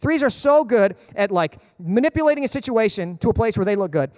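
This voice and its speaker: A man preaching a sermon as pastor, emphatic and humorous, acting out people in quick asides. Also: high voice, animated, a little mellow, studio quality. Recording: long reverb of a large hall.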